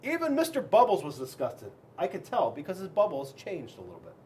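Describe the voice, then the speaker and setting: A man, a school resource officer, reading a children's book aloud in an animated, expressive way. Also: on the high side, fairly quick, a little hiss or hum.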